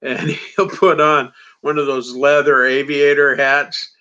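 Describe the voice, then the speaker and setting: A male comedian chats casually in an interview, rambling and filling gaps with hesitations. His voice is bright and forceful, and the audio is dull and lo-fi. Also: fairly high pitch, level tone, slow. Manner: rambling, lots of fillers. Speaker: comedian guest.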